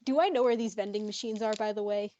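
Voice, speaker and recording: A woman's voice: mid-range voice, fast, warm tone, highs cut off. A woman player in a tabletop role-playing game, chatting casually and hesitating as she plans her moves.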